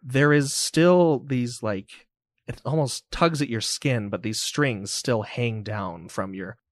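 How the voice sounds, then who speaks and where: A man running a tabletop game, narrating gory, dramatic scenes in slow, deliberate, vivid detail. His voice sits mid-range and sounds dry and close, with light music under it. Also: medium pitch, dry recording. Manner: vivid, descriptive, loose with fillers. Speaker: game master.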